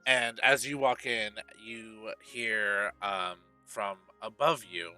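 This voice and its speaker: A man's voice: on the low side, takes it slowly, few pauses, sharp tone, no echo, distant mic, soft background music. A man narrating a tabletop game as game master, describing scenes with many fillers.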